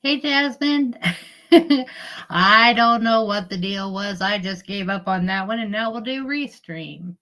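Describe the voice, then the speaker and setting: A middle-aged woman live streams, chatting casually, telling family stories, laughing often and greeting her viewers. Her medium-pitched voice is slow and fairly bright, though the recording quality is low.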